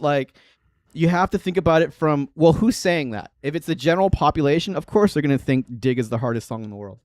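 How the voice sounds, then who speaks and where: A man's voice: a little high, a little mellow, no echo. Rambling man in his thirties streaming. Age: 30s. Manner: rambling and filler-heavy, often laughing. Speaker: livestream host and bass player. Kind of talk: casual livestream chat.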